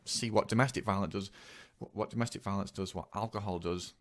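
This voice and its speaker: A man telling a personal story in a confessional vlog, speaking haltingly and earnestly with many repeats. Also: lowish voice, steady tone. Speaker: vlogger.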